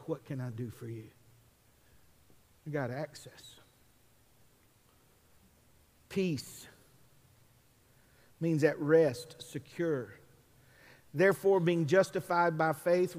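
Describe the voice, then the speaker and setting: A man preaching a sermon, building from conversational teaching to impassioned, high-pitched preaching. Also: a little mellow. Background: music.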